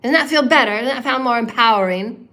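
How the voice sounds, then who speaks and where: A woman's voice: on the high side, sharp tone. Woman leading a chanted guided meditation. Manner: slow soothing instructions mixed with rapid rhythmic chanting. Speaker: spiritual healer and meditation leader.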